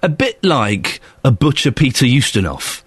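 A man's voice: mid-range voice, big pitch swings, moderate pace, slightly rough, no echo. A man in his thirties with a London accent, presenting a casual morning radio show with wry, self-mocking chat. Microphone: studio microphone.

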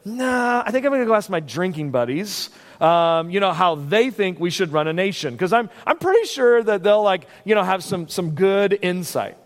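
Preacher doing a careless young king who shrugs off counsel, high-ish voice, long reverb. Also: lively intonation, moderate pace. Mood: flippant.

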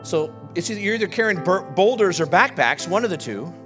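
A man preaching a sermon as pastor, building animated emphasis as he goes. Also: high voice, fairly quick, faint music behind. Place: church.

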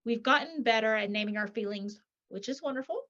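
A woman author, speaking as a guest in an interview. Her voice sits fairly high, and her delivery is animated, with many rhetorical "right?"s and quick acted-out quotes. The recording sounds dull and lo-fi.

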